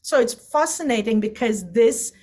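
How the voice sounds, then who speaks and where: A woman's voice: a little high, animated, normal speed, darkish tone. A woman giving an online lecture on singing, chatty and digressive, with many fillers and restarts. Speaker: voice teacher.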